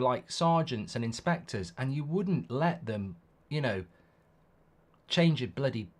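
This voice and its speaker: Opinionated middle-aged man hosting a watchalong. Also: medium pitch. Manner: opinionated, rambling, quick restarts. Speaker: host. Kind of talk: live football watchalong chat.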